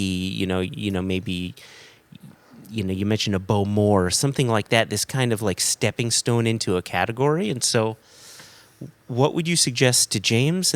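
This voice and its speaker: A man's voice: fairly low pitch, dry recording. A man hosting a casual podcast, reading listener emails aloud, laughing often and trailing off mid-sentence. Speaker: podcast host.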